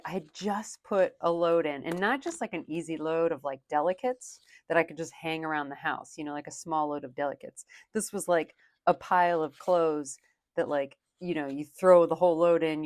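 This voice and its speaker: Chatty low-voiced young mom. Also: female voice, dry recording. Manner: chatty, rambling, many "like"s. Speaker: budgeting vlogger, working mom. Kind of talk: casual chat while counting cash.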